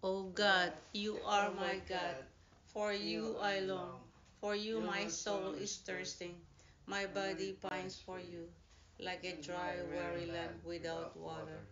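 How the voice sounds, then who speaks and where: A woman leading prayer, reciting psalm verses in a slow, measured way. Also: fairly low pitch, little pitch movement, crowd noise. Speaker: prayer leader. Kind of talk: liturgical recitation. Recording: echoey, dull recording with a congregation.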